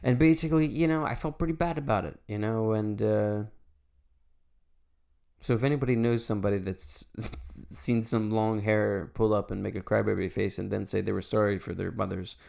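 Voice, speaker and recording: A man's voice: on the low side, gravelly, darkish tone. A man in his forties hosting a solo podcast, telling a story in a candid, rambling way with lots of fillers and some swearing. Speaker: podcast host.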